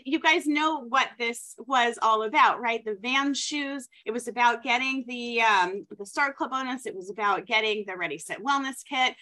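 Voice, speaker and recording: Bright, upbeat woman rushing through shout-outs. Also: a little high. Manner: upbeat, hurried, apologetic about rushing. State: running out of breath. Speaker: host of a team recognition call. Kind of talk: reading out names in a recognition segment.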